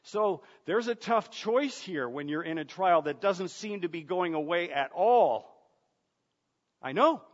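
Earnest pastor preaching in a reverberant hall. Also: male voice, high voice, animated, a little slow. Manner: earnest, rhetorical questions, repeats words. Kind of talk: sermon. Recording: dull sound, long reverb of a large room.

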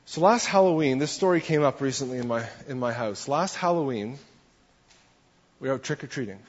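A man's voice: mid-range voice, expressive, a little fast, slightly rough. A man giving a conversational sermon as a pastor, putting questions to his congregation. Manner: conversational, asks the audience questions. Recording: dull long-reverb church hall.

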